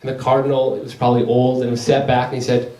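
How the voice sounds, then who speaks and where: A man's voice: medium pitch, level tone, quick pace, dark tone. A man giving a casual talk on faith at a parish gathering, telling stories loosely with many restarts. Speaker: Catholic speaker. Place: parish hall. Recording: echoey hall, picked up from a distance.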